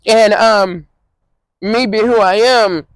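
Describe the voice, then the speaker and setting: A woman's voice: mid-range voice, fairly even intonation, takes it slowly, dry recording, poor audio. A woman from the Twin Cities in Minnesota, a guest in an interview, recounting a personal story in a loose, repetitive, conversational way. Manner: repetitive, conversational storytelling full of "you know what I'm saying". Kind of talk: emotional personal testimony.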